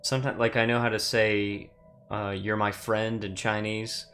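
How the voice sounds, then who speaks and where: A man's voice: on the low side, flat delivery, normal speed, a bit bright, faint music behind. Easygoing man with a Midland American accent. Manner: easygoing, corrective, laughs often. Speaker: co-player. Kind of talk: casual chat while gaming.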